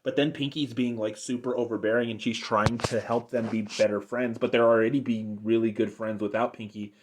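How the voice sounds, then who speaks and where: A man's voice: medium pitch, steady tone, fairly quick, background noise. A young man giving an unscripted cartoon episode review, rambling and enthusiastic with lots of fillers.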